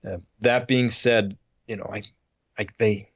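A middle-aged man on a faith podcast, telling a personal story in an earnest, halting way and getting choked up. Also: lowish voice, fairly even intonation, a bit bright, dry recording, muffled recording. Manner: earnest, halting, with frequent restarts. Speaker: podcast co-host.

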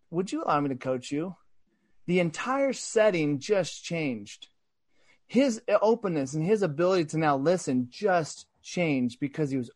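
A man in a business podcast conversation, telling a workplace story in an earnest, animated way with frequent restarts. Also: on the high side, no room sound, clean studio sound. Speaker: sales executive guest.

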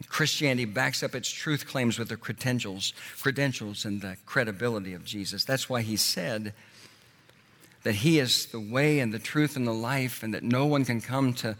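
A man preaching a sermon in an earnest way, slowing down and dropping his voice on key words. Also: fairly bright tone. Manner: earnest, slows and drops low on key words. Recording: long hall reverb.

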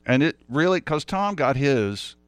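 A man's voice: fairly high pitch, big pitch swings, unhurried, dry recording. A man co-hosting a podcast, joking around and laughing often in casual chat. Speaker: podcast co-host.

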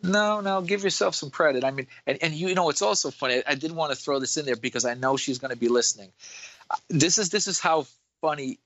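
A man's voice: fairly high pitch, fast talker, fairly bright tone, no echo, muffled recording. Rambling New York man telling stories. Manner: rambling storyteller, lots of restarts. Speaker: podcast guest, dentist. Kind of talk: casual chat.

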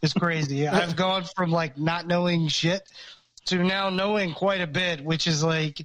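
Chatty upbeat podcast co-host. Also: male voice, a little high, steady tone, unhurried, fairly bright tone, dry recording, low-quality recording. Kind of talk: casual podcast chat.

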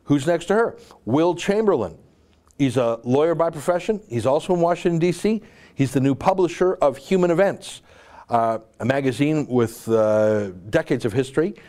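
A man hosting his own show, delivering a combative, emphatic monologue full of quick asides. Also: on the high side, a little mellow. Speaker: show host. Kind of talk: opinionated monologue to camera.

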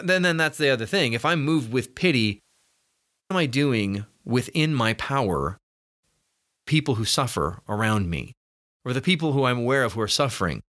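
A man's voice: mid-range voice, a bit bright, dry recording, clean studio sound. A man giving an earnest, conversational sermon-style reflection, often restarting and building emphasis. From North America. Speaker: preacher.

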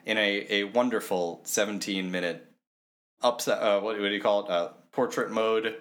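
A man's voice: fairly low pitch, fairly even intonation, moderate pace, fairly bright tone. A man co-hosting a casual comedic podcast, presenting nominees with dry, wry jokes. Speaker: podcast co-host.

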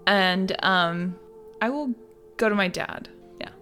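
A woman's voice: medium pitch, slow, faint music behind. Woman player in a tabletop game, easygoing, hesitant delivery. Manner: relaxed and hesitant, with ums. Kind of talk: casual tabletop role-play.

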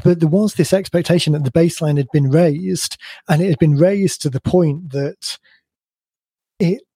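A man hosting a podcast with a slightly croaky voice, explaining ideas in a relaxed way with many restarts. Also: fairly high pitch, normal speed, no room sound. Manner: thinks aloud with many restarts.

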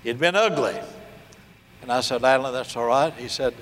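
An older man preaching a sermon, telling a story and acting out the voices, slowing down to stress key points. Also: medium pitch, a bit bright, in a large hall. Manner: storytelling preacher, acts out dialogue, slows for emphasis. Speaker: pastor.

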